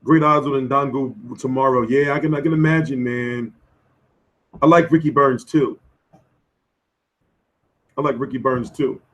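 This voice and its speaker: Hoarse man chatting boxing on a stream. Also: medium pitch, steady tone, unhurried, long pauses, a bit bright. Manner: loose, profane, slangy banter answering chat. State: losing his voice. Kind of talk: casual live-stream chat.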